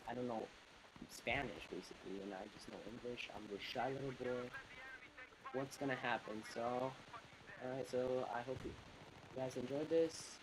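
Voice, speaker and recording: Commenting over gameplay, a young man tells a rambling, casual childhood story packed with "like" fillers. His medium-pitched voice moves at a moderate pace against background noise, with loud game gunfire behind it.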